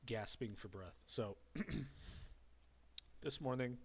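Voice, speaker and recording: A man's voice: medium pitch, extremely slow, breathy edge. A man giving casual, rambling commentary, repeating himself, a little out of breath after a drink. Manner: rambling and repetitive. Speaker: commentary streamer.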